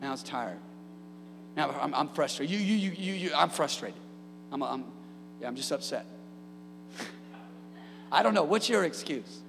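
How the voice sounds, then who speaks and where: A man preaching a sermon as pastor, energetic with humorous asides and building to shouted peaks. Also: a little high, a little slow, gravelly, pauses often, big-room sound, noisy background. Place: church sanctuary.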